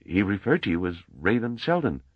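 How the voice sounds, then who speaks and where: Guy putting on a nervous young mathematician dude, polite, higher than his deep husky voice. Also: sing-song, brisk, dry recording, lo-fi sound. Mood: confused. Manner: hesitant, polite. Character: young earnest male mathematician, polite and unsure.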